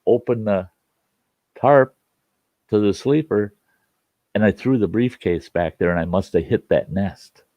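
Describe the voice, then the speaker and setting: A man's voice: on the low side, unhurried, pauses often, no echo, muffled recording, lightly acted. A man putting on a flustered trucker. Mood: explaining. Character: flustered adult male trucker explaining himself.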